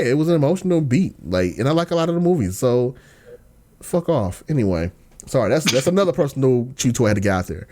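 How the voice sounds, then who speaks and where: A man hosting a podcast in casual chat, slangy and ranting, dropping to low mumbles and then bursting into excited outbursts. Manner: slangy, lots of fillers and restarts. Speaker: podcast host.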